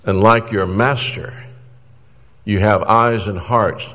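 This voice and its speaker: A man's voice: lowish voice, fairly even intonation, slow pace, a bit bright, in a large hall. A man preaching a sermon in an earnest, exhorting way, pleading with his listeners through questions.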